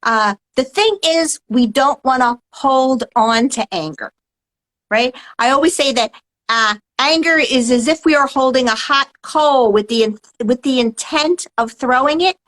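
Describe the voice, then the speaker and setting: High-pitched woman, mindfulness teacher, calm and earnest interview guest. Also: a little slow, low-quality recording. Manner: calm, earnest, explanatory, many "right?" tags. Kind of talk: interview answers.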